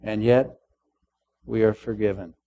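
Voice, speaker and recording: A man's voice: lowish voice, fairly even intonation, a little slow, dark tone. An older male pastor preaching a sermon, acting out the dialogue of a parable with humor.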